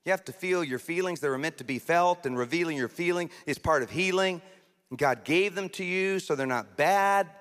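A male pastor delivers a sermon in a slightly high voice, talking to the congregation in an animated, conversational way with playful asides. His voice rings out with a long reverb tail, as if heard in a large church sanctuary. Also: moderate pace.

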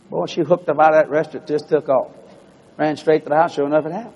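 A man's voice: fairly high pitch, fast talker, in a large hall, highs cut off. A man preaching a folksy storytelling sermon and acting out dialogue. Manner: folksy, animated, acts out dialogue.

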